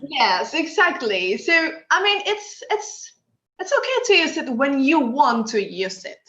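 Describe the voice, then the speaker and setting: A woman's voice: sits high, sing-song, a little slow, a bit bright. Woman teaching on an echoey video call. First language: Spanish. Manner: encouraging, asks the group questions. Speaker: workshop instructor. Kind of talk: online workshop teaching. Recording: echoey room, dull lo-fi audio.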